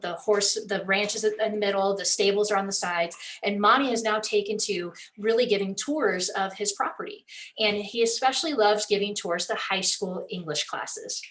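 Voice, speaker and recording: A woman's voice: mid-range voice, fairly bright tone, low-quality recording. A middle-aged woman giving a motivational talk to a group, telling a story and acting out its dialogue. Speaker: speaker at a group meeting.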